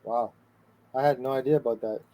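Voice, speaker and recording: A man's voice: medium pitch, steady tone, brisk, warm tone, poor audio. A man hosting a podcast, enthusiastic and casual, swearing and calling his guest "bro". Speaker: podcast host. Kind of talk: casual interview chat.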